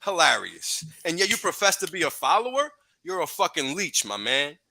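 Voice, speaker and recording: Guy hosting a stream, ranting and cussing, super bright voice that jumps around a lot. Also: fairly high pitch, sing-song, normal speed, creaky, slight background noise. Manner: heated, profane, ranting with laughs. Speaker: podcast host. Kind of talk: profane livestream rant.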